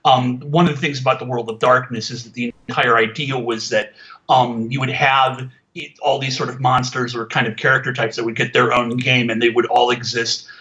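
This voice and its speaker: A man casually reviewing an old TV show, rambling with many fillers and restarts, getting animated when he complains. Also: medium pitch, fairly quick, poor audio. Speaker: podcast reviewer.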